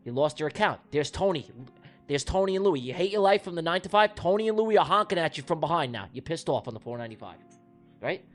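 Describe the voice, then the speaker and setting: A man hosting a trading livestream who talks straight to his viewers in a profane, animated storytelling way. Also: on the high side, fast talker, faint music behind. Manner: talks directly to the audience. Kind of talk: livestream chat.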